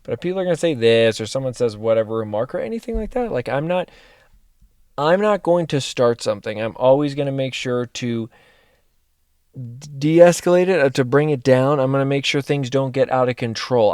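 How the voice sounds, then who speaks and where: A man's voice: mid-range voice, lively intonation, a little fast, darkish tone, smooth, no room sound, studio quality. A man coaching his listeners in a motivational monologue, speaking directly and earnestly and repeating phrases for emphasis. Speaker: life coach and mentor.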